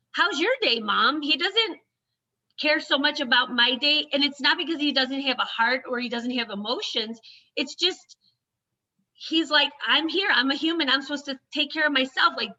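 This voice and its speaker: A woman and mother talking in an animated, chatty way, often quoting others in quick asides. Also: high voice. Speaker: mother and autism advocate. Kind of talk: casual conversation. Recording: dull lo-fi audio.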